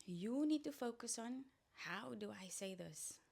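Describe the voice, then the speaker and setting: A woman's voice: a little high, lively intonation, unhurried, creaky, darkish tone. A woman hosting a solo podcast, giving casual, coaching talk with playful asides. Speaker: podcast host.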